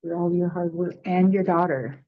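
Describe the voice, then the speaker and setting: Woman chairing a meeting, low voice. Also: steady tone. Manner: procedural, measured. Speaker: board chair. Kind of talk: formal meeting business. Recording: muffled lo-fi meeting recording.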